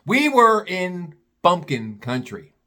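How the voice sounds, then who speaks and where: A man's voice: high voice, wildly swooping pitch, slow pace, sharp tone. A man telling a casual personal story, rambling with many restarts and blunt swearing.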